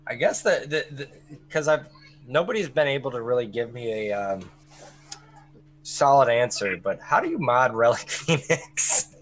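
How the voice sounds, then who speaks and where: A man appearing as a guest on a gaming stream, talking haltingly with frequent restarts. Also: mid-range voice, lively intonation, slight background noise, rough recording. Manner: halting, restarts, laughs easily. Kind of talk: casual gaming stream chat.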